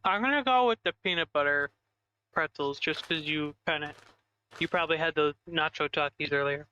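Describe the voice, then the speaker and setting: A man's voice: a little high, normal speed, sharp tone, clear, resonant tone, lo-fi sound. A man chatting casually on a live stream, rambling and giggling as he snacks. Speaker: streamer co-host.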